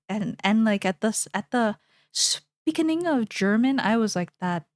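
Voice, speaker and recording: A woman's voice: mid-range voice, animated, normal speed, dry recording, studio quality. A young woman streamer chatting casually while she draws, rambling playfully and thinking aloud.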